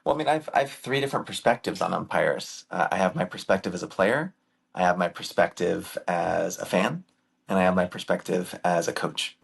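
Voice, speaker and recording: A man with a deep, gravelly voice tells baseball stories as a podcast guest. He talks in an emphatic, lively way, and his tone is slightly husky. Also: fairly quick. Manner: animated, emphatic storyteller. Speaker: guest, youth baseball coach and camp director. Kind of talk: casual storytelling conversation.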